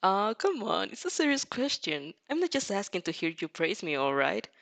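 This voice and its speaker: Teasing, easygoing young male hero with a lazy drawl, read by a woman; mid-pitched, audio fanfic. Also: very animated, moderate pace, fairly bright tone.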